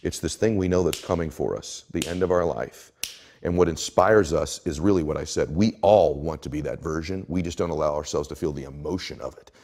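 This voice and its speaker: A man's voice: rumbling low, brisk, darkish tone. A middle-aged man in a motivational interview, telling stories emphatically and acting out quoted lines. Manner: emphatic, storytelling, acts out quotes. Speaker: interview guest, coach.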